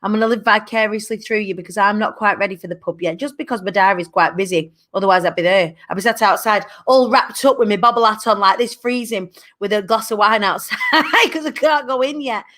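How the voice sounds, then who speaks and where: A woman's voice: medium pitch, a little fast, hardly any pauses, fairly bright tone. A bubbly, chatty woman in her thirties, hosting a live show and talking playfully with her viewers. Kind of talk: live-stream chat with viewers.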